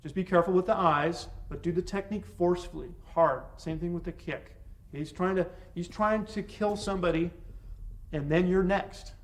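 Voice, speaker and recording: A man's voice: sits high, a little fast, hardly any pauses. A man teaching self-defense techniques to a class, giving short commands and encouragement as students practice. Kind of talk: hands-on class instruction.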